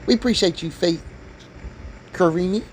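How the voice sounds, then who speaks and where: A woman with a fairly low, darkish voice reads a news article aloud at normal speed, on a low-quality recording with a bit of hiss or hum. She stops now and then for blunt, sassy comments of her own and sometimes trips over words.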